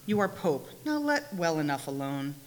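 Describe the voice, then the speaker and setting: A woman's voice: low-pitched, very animated, normal speed. A woman voicing a timid old fisherman in a storybook, pleading and worried. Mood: meek. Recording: echoey hall, faint hiss.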